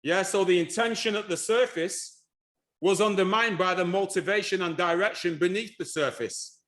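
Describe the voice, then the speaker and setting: A man from the United Kingdom gives a lively presentation on history and culture, speaking at normal speed in a high-pitched voice. He is animated, repeats himself, and frequently restarts his sentences.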